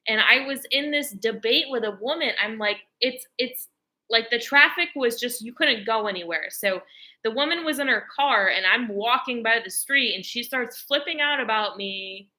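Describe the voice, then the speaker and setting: Bright-voiced woman ranting in a rambling monologue. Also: a little high, low-quality recording. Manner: rambling and emphatic, many "like" fillers. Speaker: vlogger. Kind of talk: casual monologue rant. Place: lives in Texas, speaking to camera.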